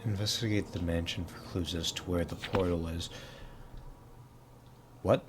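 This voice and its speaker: A man's voice: low-pitched, steady tone, unhurried, background noise. Rambling man commenting on a game. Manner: rambling, full of fillers and restarts. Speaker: gaming channel host.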